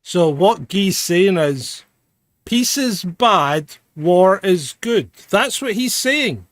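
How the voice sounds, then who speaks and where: A man's voice: high-pitched, animated, slow pace, no echo. A man hosting a podcast in casual chat, blunt and plain-spoken, with some swearing. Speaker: podcast host.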